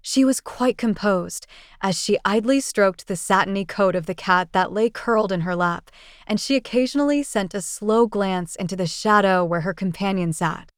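A woman narrating a classic short story in a measured, even audiobook reading. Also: mid-range voice, no room sound, studio quality.

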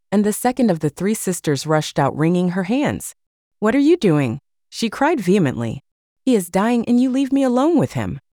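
A woman reading a classic novel aloud as an audiobook narrator, measured and expressive. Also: fairly low pitch, dry recording, studio quality.

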